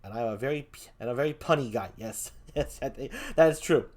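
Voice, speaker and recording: A man's voice: medium pitch, brisk, a little mellow. A man hosting a casual livestream interview, chatty and upbeat, greeting viewers as he goes. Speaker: show host.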